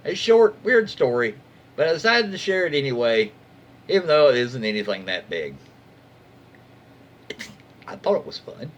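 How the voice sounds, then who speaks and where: A man's voice: fairly high pitch, big pitch swings, moderate pace, pauses often, muffled recording, a little hiss or hum. A man reading online stories aloud in a casual way, stopping for chatty asides and reactions. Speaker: reddit story reader.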